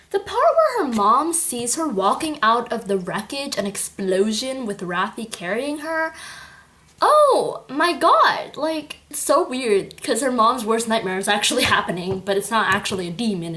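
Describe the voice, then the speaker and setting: A woman chatting casually in a book review vlog, gushing and animated as she recaps the story. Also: a little high. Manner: animated, gushing, with acted-out quotes.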